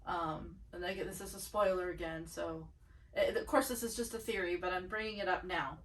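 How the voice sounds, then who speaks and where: A woman co-hosting a casual book club podcast, thinking out loud with lots of fillers and restarts. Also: fairly low pitch, steady tone, brisk, recorded from a distance, poor audio. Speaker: podcast co-host.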